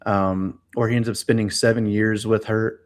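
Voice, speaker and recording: Low-pitched guy guesting on a live stream, casual, lots of ums and you knows, kinda hesitant. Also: flat delivery, moderate pace. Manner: hesitant, many fillers, casual storytelling. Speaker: guest expert.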